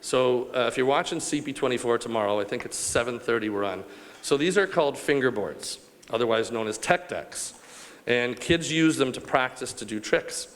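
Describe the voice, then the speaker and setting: A man's voice: mid-range voice, moderate pace, fairly bright tone. Joking man giving an award speech in a hall. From Canada. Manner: rambling, joking, self-deprecating, with fillers. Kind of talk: off-the-cuff acceptance speech. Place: large banquet hall. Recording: long hall reverb from a live event.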